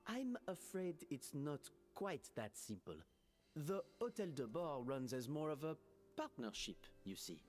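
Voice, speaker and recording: An actor playing a polite, formal hotel manager with a put-on French accent who reads each word separately. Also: male voice, a little high, big pitch swings, unhurried, darkish tone, soft background music. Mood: courteous.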